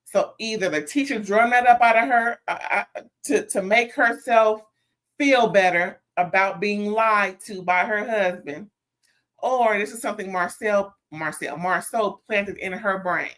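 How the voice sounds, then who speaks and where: A woman reviews a reality TV episode live for her viewers. She is animated and sassy and keeps her talk casual and direct. She speaks at an ordinary middle pitch. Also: measured pace. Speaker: reality TV recap host.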